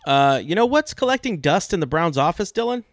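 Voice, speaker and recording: A man co-hosts a sports podcast with dry, deadpan comedy, laying out absurd ideas as if they were serious. The sound is dry and close, with no room around it. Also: a little high, brisk, no echo. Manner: deadpan, mock-serious delivery. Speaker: podcast co-host.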